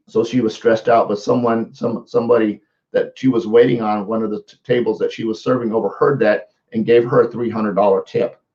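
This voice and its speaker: A man's voice: lowish voice, darkish tone, muffled recording. A man coaching viewers in a casual live social media talk, often repeating words and restarting his sentences. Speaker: motivational coach.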